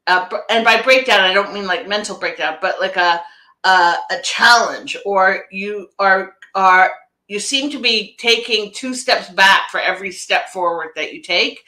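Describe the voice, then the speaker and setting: A woman's voice: medium pitch, a little slow, sharp tone. A woman business coach talking casually on a live stream, rambling and emphatic, often restarting her sentences. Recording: echoey room.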